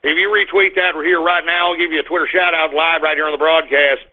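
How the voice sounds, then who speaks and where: A man's voice: on the high side, fairly even intonation, fast talker. Exasperated man, tinny. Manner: exasperated, griping, blustery. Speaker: radio show host. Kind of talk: live call-in radio rant. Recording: tinny phone-like sound.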